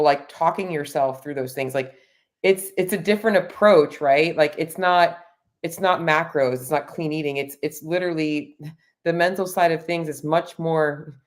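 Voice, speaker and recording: A woman with a low voice talks through a live coaching chat. She is earnest and restarts her phrases often, repeating words as she works out what she means. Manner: earnest, repeats words while searching for them.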